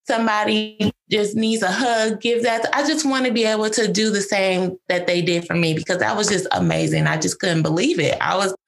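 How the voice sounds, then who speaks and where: Gravelly-voiced woman telling a heartfelt story. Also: medium pitch, steady tone, fairly quick, few pauses. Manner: emotional, rambling, heavy use of "like". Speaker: guest sharing an answered-prayer story. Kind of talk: casual spoken storytelling.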